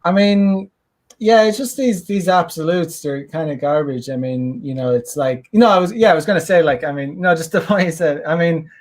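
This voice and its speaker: A male podcast guest with a high voice who wanders through his thoughts in loose, filler-heavy talk. He laughs often between phrases. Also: normal speed. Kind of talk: casual podcast chat.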